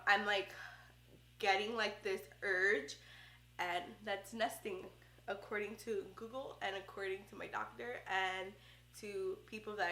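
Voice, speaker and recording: A woman's voice: mid-range voice, bright, forceful tone. A young woman vlogging to the camera about her first pregnancy in a chatty, heartfelt way, with lots of fillers. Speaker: vlogger, first-time mom. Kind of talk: casual chat to camera. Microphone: camera close up. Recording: roomy echo.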